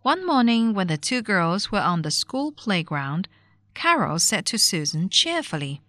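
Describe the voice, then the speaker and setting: Female test narrator; clear, measured reading with an expressive pitch and a dry studio sound. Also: no room sound. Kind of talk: scripted reading for a language test.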